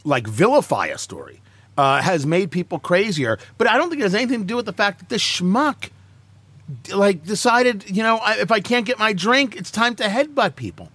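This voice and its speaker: Man, talk host, lively pitch, sarcastic, casual banter, dry close sound. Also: dry recording. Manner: animated, sarcastic, quick asides.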